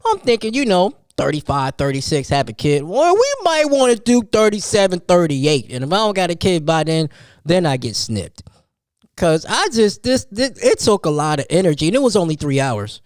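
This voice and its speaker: A man's voice: high-pitched, normal speed, clear, resonant tone, no room sound. Man in his thirties, rambling, dry sound. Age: 30s. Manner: rambling animated storytelling with restarts. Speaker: podcast host. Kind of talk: casual solo podcast monologue.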